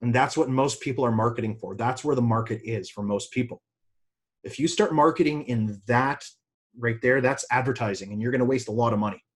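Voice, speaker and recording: Energetic male business coach. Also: fairly quick. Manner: energetic, conversational, with sudden excited pitch jumps. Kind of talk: business seminar talk.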